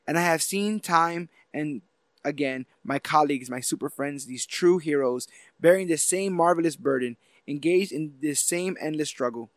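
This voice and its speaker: A man reads out a superhero's grave, rousing speech, his voice sitting a little high. The delivery is solemn and declaiming. The sound is close and dry. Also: normal speed, no room sound, lightly acted. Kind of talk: dramatic reading aloud.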